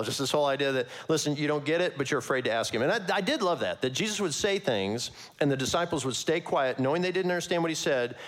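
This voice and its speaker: A man preaching a conversational sermon, casual and animated, with slangy asides and frequent laughs. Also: mid-range voice. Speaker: pastor.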